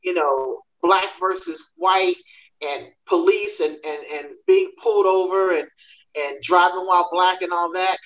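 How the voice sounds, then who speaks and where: A woman comedian talking through a panel discussion, telling her story in quick animated bursts. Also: on the low side, lo-fi sound.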